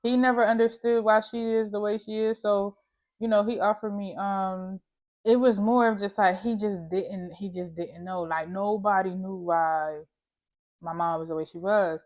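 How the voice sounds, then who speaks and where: A woman's voice: medium pitch, fairly even intonation, moderate pace, darkish tone. A woman vlogger telling a personal story in a candid, slangy, emphatic way, talking straight to the viewer. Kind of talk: casual storytime monologue.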